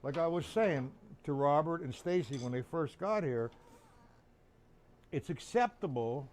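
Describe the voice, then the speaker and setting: A man's voice: fairly high pitch, animated, unhurried, darkish tone. A man teaching drums on a live stream, chatting loosely and answering viewers by name. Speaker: drum teacher. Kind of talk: live-streamed drum lesson.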